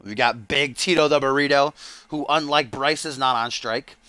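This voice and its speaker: A man's voice: mid-range voice, fairly even intonation, normal speed, bright, forceful tone, clean tone, dry recording. A man streaming live, doing playful mock-broadcast play-by-play commentary on a wrestling video game, with the odd swear.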